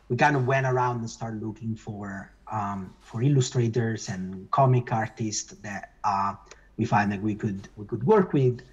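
Husky man, hesitant panel speaker. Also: medium pitch, dull audio. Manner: hesitant, many fillers and restarts. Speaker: author and researcher. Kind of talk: panel discussion. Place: event hall.

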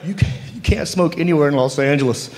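A man's voice: on the high side, brisk, a little mellow, slight background noise. A man with a Southern accent from North Carolina doing a self-mocking stand-up comedy set on stage. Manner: drawling, self-mocking punchlines. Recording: roomy club with audience laughter. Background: audience laughing.

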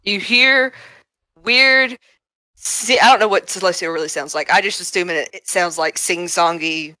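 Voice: mid-range voice, moderate pace, bright, forceful tone, no echo. Rambling player at a game table. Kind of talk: casual tabletop game chat.

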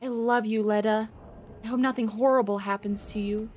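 A woman streamer giving excitable live commentary while playing a game, gasping often and swearing freely. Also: on the high side, normal speed, soft background music.

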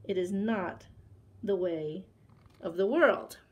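A woman voicing a fierce, hungry male tiger in a storybook read-aloud, speaking loudly with archaic words and growling threats. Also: medium pitch, takes it slowly, slightly rough. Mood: menacing.

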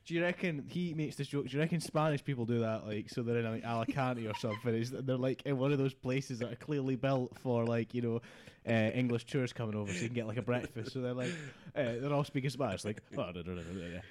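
A man's voice: mid-range voice, quick pace, few pauses. A man co-hosting a podcast, chatting casually and acting out bits of his stories with put-on voices. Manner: animated storyteller who acts out bits. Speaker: podcast co-host. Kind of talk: casual chat.

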